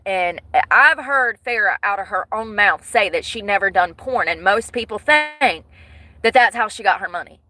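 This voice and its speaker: A woman vlogger chatting casually to her viewers in a gossipy, animated way, cursing freely. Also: mid-range voice, dry recording. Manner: animated, swears, breaks into laughter.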